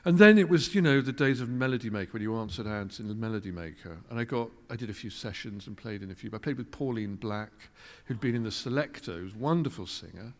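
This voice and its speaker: A man's voice: on the low side, animated, quick pace, few pauses. A man, a guest musician telling stories in a wry, articulate, self-deprecating way. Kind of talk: reflective storytelling interview. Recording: long reverb of a large hall.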